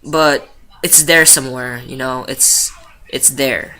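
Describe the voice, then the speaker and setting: A man's voice: medium pitch, fairly even intonation, slow pace, pushed and bright. A young man in his late teens rambling casually to camera in a confessional vlog, swearing freely and filling gaps with "like" and "um". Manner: chatty, rambling, swears freely, lots of fillers. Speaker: vlogger.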